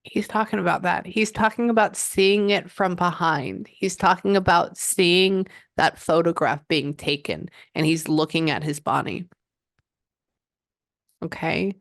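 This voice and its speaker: A woman working as a psychic medium, giving a client a reading and passing on messages in an animated, chatty way. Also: fairly low pitch, measured pace, dry recording, clean studio sound. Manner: animated, relays messages in quotes, frequent "hold on".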